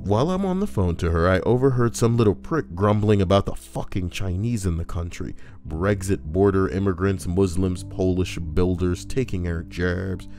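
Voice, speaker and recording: Low-voiced and warm in tone, this man reads online stories from Reddit for his YouTube audience. He interrupts with crude, joking asides, and faint background music runs underneath.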